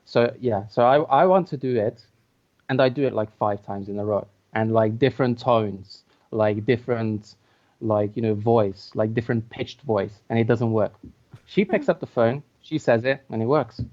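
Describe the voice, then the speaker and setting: Man, mid pitch, hesitant casual talker, muffled lo-fi call audio. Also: normal speed, darkish tone. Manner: hesitant, lots of fillers and restarts. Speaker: co-host. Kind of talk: casual chat. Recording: dull lo-fi audio.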